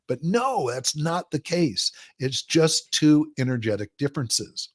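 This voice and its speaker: In a conversational podcast interview, a male guest explains things at length in a fairly high, expressive, unhurried voice. When he quotes other people, he acts them out in a livelier tone.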